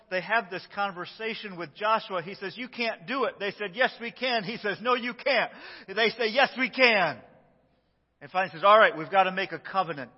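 A middle-aged man preaching a sermon as pastor, telling stories, acting out quotes and chuckling as he goes. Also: high-pitched. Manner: storytelling, acts out quotes, chuckles often. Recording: dull sound with long church reverb.

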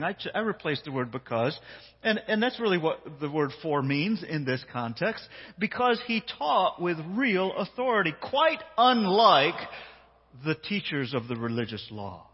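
Animated pastor with a husky voice. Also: male voice, a little high, normal speed. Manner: animated, playful, acts out the story. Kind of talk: sermon with dramatized reading. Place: church hall. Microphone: handheld mic. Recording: dull sound, long hall reverb.

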